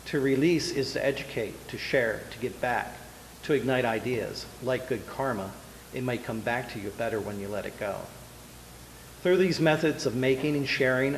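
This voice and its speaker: A man reads a reflective artist's statement in measured phrases that repeat themselves. His voice has a long, lingering reverb, with a faint hiss behind it. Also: mid-range voice. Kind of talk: reflective scripted narration.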